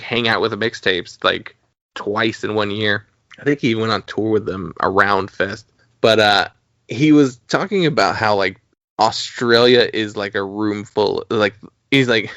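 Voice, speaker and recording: A man's voice: lowish voice, a bit bright, no room sound. A man co-hosting a podcast, talking casually about albums in a rambling way with lots of fillers. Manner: rambling, with many fillers and laughs. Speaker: podcast co-host. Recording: dull, slightly lo-fi dry recording.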